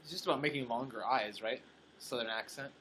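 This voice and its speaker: A man's voice: medium pitch, fairly quick, noisy background. A man hosting a casual livestream, chatting playfully and muttering asides to himself while he edits clips. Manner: playful, muttering asides, lively ups and downs. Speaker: livestream host.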